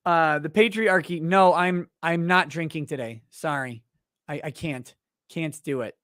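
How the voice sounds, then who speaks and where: A man's voice: a little high, no echo. Dry, rambling man reading chat. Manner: rambling and joking, with halting restarts; animated when telling stories. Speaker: livestream host reading chat messages. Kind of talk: casual live-stream chat.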